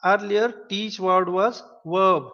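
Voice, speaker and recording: High-voiced man giving a slow lecture. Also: steady tone, sharp tone. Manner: explains step by step, spells words out letter by letter, restarts sentences. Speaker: webinar lecturer. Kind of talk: online linguistics lecture. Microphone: webinar stream. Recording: dull lo-fi audio with long reverb.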